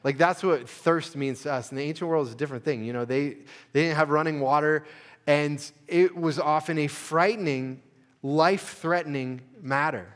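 A man preaching a sermon as pastor, earnest, building to emphatic peaks and dropping to soft, quiet stretches. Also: on the high side, normal speed, big-room sound. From United States. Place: church sanctuary.

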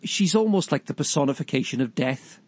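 A man's voice: fairly high pitch, animated, brisk, darkish tone, breathy edge, no room sound. A man hosting a podcast, discussing an old film in a thoughtful, hesitant way. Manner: thoughtful, hesitant, with many restarts and fillers. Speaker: podcast host.

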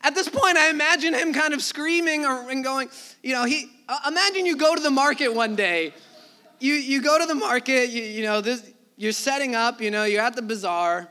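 Guy preaching a sermon, really high voice, chatty and animated, acts out little bits. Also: moderate pace. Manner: conversational, animated storytelling with acted asides. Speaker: pastor.

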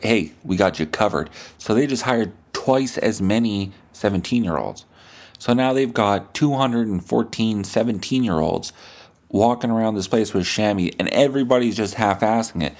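A man's voice: lowish voice, a little mellow. A man hosting a podcast, rambling through a profane comedic monologue and a joking phone call. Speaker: podcast host.

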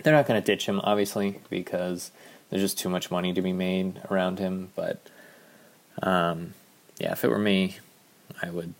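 Male podcast host, low voice, vocal fry, casual rambling talk, slightly winded. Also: little pitch movement, normal speed, pauses often. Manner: rambling, offhand, many ums. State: out of breath.

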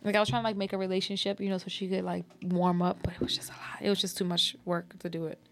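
A woman's voice: lowish voice, flat delivery, quick pace, a little hiss or hum. A woman co-hosting a casual chat, talking loosely with many fillers. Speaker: podcast co-host.

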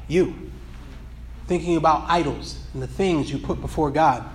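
High-voiced man preaching casually. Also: moderate pace, long pauses. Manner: rambling, many restarts and fillers. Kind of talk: sermon with read excerpt.

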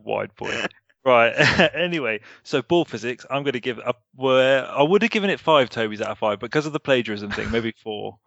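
Bloke on a podcast, low gravelly voice, kind of rambly, bit muffled dry sound. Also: male voice, expressive, normal speed, fairly bright tone, dry recording. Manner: rambling, hedges with "kind of", swears casually. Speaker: podcast co-host. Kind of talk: casual podcast chat. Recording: slightly muffled dry recording.

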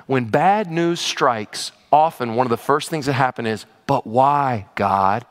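A middle-aged male pastor delivers a sermon at a moderate pace to his congregation in a church sanctuary, which is also streamed online. He swings between excited, high-pitched asides and low, emphatic points.

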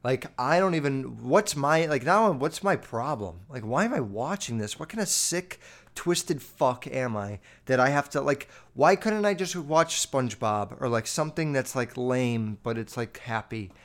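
A man's voice: medium pitch, unhurried. A man telling a story in casual monologue, swearing freely and filling his talk with "like" as he speaks straight to his listeners. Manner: profane, rambling, filler-heavy with constant "like"; animated, addresses listeners directly.

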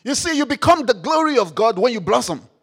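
A man preaching a sermon, repeating phrases, firing questions at the congregation and rising to shouts. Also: extremely high pitch, big pitch swings, fairly quick, slightly rough. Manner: call-and-response, repeats phrases, rises to shouts; rhetorical questions to the audience.

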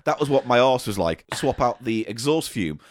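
A man's voice: medium pitch, lively intonation, moderate pace, noisy background. A man co-hosting a comedy podcast, joking crudely and teasing his co-host. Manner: crude, laughing, playful teasing. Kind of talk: casual comedy banter.

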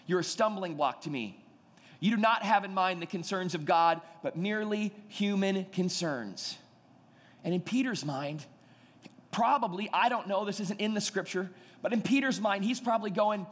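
A male pastor delivers a sermon in a high, bright-sounding voice, acting out the people in his story. His words ring with the long reverb of a large hall. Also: normal speed. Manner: animated storytelling, acting out quoted dialogue.

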